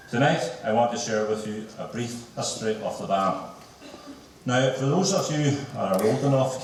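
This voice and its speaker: Formal Northern Irish bandmaster in echoey hall. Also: male voice, on the low side, far from the mic, slight background noise. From Northern Ireland. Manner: measured, formal, storytelling. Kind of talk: prepared speech to an audience. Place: large hall with live audience.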